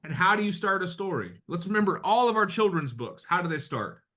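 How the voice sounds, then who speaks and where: A middle-aged American man with a high, sing-song, sharp-toned voice, speaking a little fast, gives a motivational talk to real estate agents. He coaches them bluntly and conversationally, with some mild swearing. A slight hiss or hum is audible.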